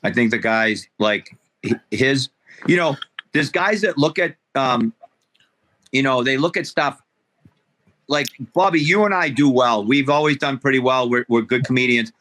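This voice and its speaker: A man's voice: medium pitch, normal speed, a bit bright. A man co-hosting a radio show, talking thoughtfully and a bit ramblingly about a fellow comedian. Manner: thoughtful, rambling with fillers and restarts. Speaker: comedian co-host. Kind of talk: casual radio chat. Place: radio studio. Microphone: studio microphone.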